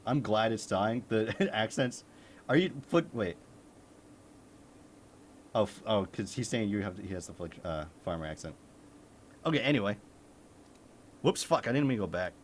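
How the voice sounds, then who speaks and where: A man's voice: fairly low pitch, lively intonation, moderate pace, pauses often, slight background noise. A man from Maine streaming casually, blunt and profane, laughing often and breaking into incredulous outbursts. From Maine, United States. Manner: exclamatory, with sudden incredulous outbursts. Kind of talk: casual reaction commentary.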